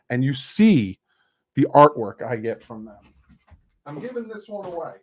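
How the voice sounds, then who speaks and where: A man hosting a casual live stream, chatting loosely, reading out donations and plugging sponsors. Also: mid-range voice. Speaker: YouTube streamer and channel host.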